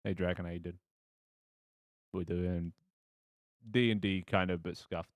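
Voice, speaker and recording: A man's voice: low voice, steady tone, a little slow, dry recording. A man in a casual, laid-back chat with viewers while running a tabletop game. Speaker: game master and streamer.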